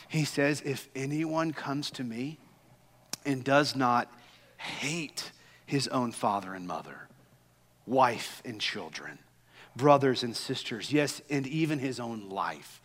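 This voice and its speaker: A man's voice: medium pitch, fairly bright tone. A man preaching a sermon as senior pastor, with an emphatic, fervent delivery. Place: church sanctuary. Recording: long reverb of a church hall.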